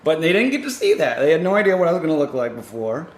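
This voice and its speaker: Guy guest on a podcast, deadpan, laughs a lot, kinda high voice, echoey room. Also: racing. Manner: deadpan storytelling, laughs often. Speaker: comedian guest. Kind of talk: casual podcast chat. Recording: roomy echo, faint background hiss.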